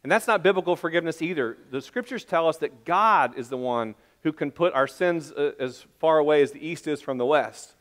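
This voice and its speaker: A man's voice: fairly high pitch, fairly quick, few pauses, fairly bright tone. A middle-aged man preaching a sermon, telling a rambling, self-deprecating family story with many restarts. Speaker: pastor.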